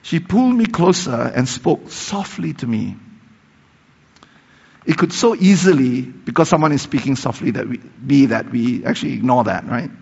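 A gravelly, husky male preacher telling a story in a sermon, rising to emphatic peaks and then dropping to hushed tones. His voice rings with a long reverb in a large hall. The recording sounds dull and lo-fi. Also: medium pitch, expressive, normal speed. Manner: retells a story with emphatic rises and soft, hushed passages.

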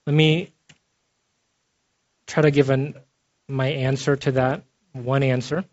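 A man's voice: medium pitch, level tone, slow. A man preaching a sermon in a conversational way, often checking in with his listeners by asking "okay?". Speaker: pastor. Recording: dull lo-fi sound.

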